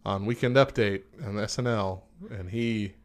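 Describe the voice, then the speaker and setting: A man's voice: lowish voice, fairly even intonation, normal speed. A man co-hosting a morning radio show, joking and laughing often in casual banter.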